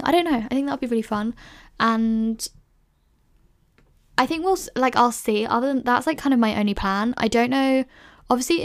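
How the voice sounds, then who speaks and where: A woman's voice: fairly high pitch, gravelly. A young woman in her early twenties hosting a casual solo Q&A podcast, rambling chattily with lots of "like" and self-conscious laughs. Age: early 20s. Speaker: podcast host.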